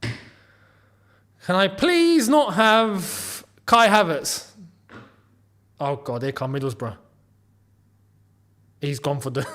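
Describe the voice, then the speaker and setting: A man's voice: high voice, unhurried, long pauses. A young man hosting a live football watchalong, reacting to each play and scolding players as if they could hear him. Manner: animated, exclaiming and scolding players directly. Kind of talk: live match reaction commentary.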